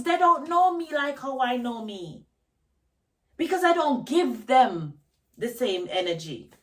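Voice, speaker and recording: A woman vlogger with a high, fairly bright voice gives a reflective solo talk to camera about self-knowledge, sounding far from the mic on a low-quality recording. She's emphatic, asking rhetorical questions and repeating key phrases.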